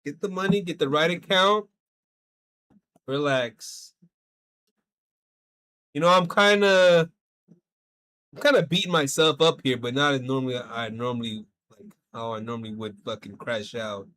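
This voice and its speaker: A man's voice: mid-range voice, unhurried, long pauses, a bit bright. A man streaming a game and chatting casually, venting in a rambling, profane way. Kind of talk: casual livestream chat while gaming.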